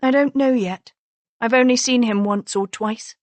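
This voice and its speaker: A woman voicing a sharp-tongued young noblewoman in an audiobook, with an arch, teasing manner. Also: fairly high pitch, a little slow, dry recording, voice pushed up, lightly acted. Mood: earnest. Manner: arch, teasing, mock-concerned.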